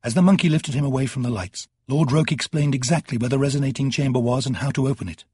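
A man narrating an audiobook in measured, dramatic storytelling. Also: medium pitch, a little mellow, breathy edge, no echo, studio quality. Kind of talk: scripted narration.

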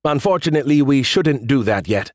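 A man's voice: medium pitch, expressive, fairly quick, no room sound, lightly acted. A man voicing a boastful, sarcastic male AI that lives in a beer can, in a dry studio recording. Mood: smug. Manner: sarcastic, mocking, self-important.

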